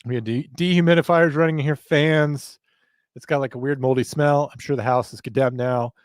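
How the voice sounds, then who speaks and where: A man's voice: medium pitch, fairly even intonation, brisk, dry recording. A tired man hosts a casual livestream from his home office, reading viewer comments aloud. His talk rambles with chatty, self-deprecating asides, and the sound is dry and close with no room ring. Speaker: host.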